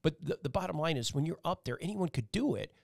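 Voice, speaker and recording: A man's voice: a little high, animated, fast talker, creaky, dry recording. Rambling man hosting a talk interview, dry. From Italian-American family. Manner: rambling, emphatic, many restarts. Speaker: talk show host and meteorologist. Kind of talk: casual interview chat.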